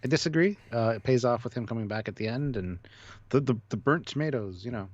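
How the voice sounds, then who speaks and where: A man co-hosting a casual live-stream chat, blunt and quick to swear, reading viewer comments aloud. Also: mid-range voice, darkish tone, highs cut off. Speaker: co-host.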